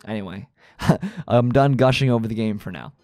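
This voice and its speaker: A man's voice: mid-range voice, normal speed, dark tone, no room sound, studio quality, faint music behind. A young man chatting casually while playing through a video game. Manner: chatty, gushing, laughs easily. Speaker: let's play host.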